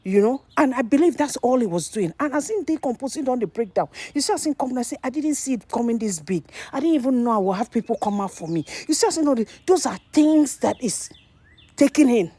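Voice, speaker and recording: A Nigerian woman gives animated vlog commentary to her viewers. Her voice is warm and a little breathy. The sound is dry and close. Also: on the high side, brisk, no room sound. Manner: animated, mixes Nigerian Pidgin and English. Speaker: vlogger. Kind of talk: casual commentary to camera.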